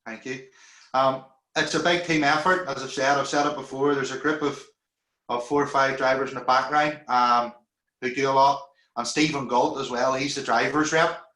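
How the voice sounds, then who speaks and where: A man with a Northern Irish accent hosting a casual interview over a video call, chatty and quick to laugh. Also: mid-range voice, fairly even intonation, bright, forceful tone. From Northern Ireland. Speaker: interviewer host. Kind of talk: casual online interview chat. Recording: echoey room.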